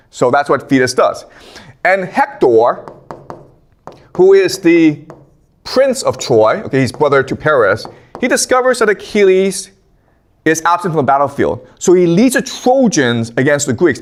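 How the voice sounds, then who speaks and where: A man giving a casual storytelling history lecture, animated, often checking in with "okay?". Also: on the high side, moderate pace.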